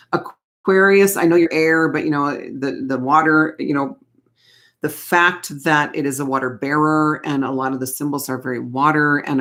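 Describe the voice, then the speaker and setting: A woman in her thirties doing a casual tarot card reading, chatty and reassuring with playful asides. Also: deep voice.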